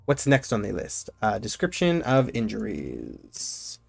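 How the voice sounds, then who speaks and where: A male streamer reading video game text aloud slowly and carefully, breaking off for casual asides to his viewers. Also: medium pitch, sing-song, gravelly, breathy edge. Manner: reads game narration in a slow, measured way, breaking off for casual asides.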